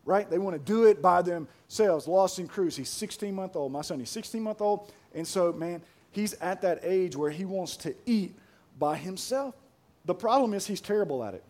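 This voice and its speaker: A young man preaching a sermon as pastor, animated, repeating words and building to emphatic shouts. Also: high-pitched, normal speed.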